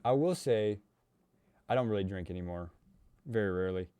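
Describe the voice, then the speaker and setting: A man's voice: lowish voice, fairly quick, warm tone, clear, resonant tone, dry recording. A young man with a Louisville, Kentucky accent, chatting casually on a podcast, running his sentences together and swearing freely. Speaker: podcast host.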